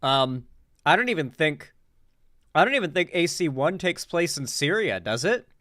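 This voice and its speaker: Man streaming commentary, bright slightly high voice, rambling, swears freely, faint music behind. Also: very animated, moderate pace, dry recording, studio quality. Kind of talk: casual live-stream commentary.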